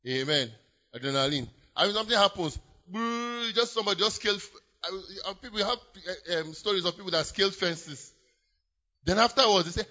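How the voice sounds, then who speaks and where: A lively pastor preaches to his church, acting out scenes with sudden loud cries. His voice is fairly high and bright. The recording sounds dull and lo-fi. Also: fairly quick. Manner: animated, acts out scenes with shouted exclamations. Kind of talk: sermon.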